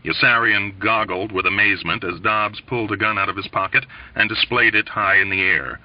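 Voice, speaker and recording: A man's voice: on the low side, fairly even intonation, a little fast, no echo, recorded from a distance. Man reading a novel aloud. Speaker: audiobook reader. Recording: dull lo-fi recording.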